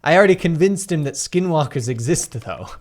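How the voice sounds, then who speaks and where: A man with a slightly high voice plays a tabletop game. He speaks in wry, playful banter. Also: animated, a little fast. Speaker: player. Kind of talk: casual tabletop game play.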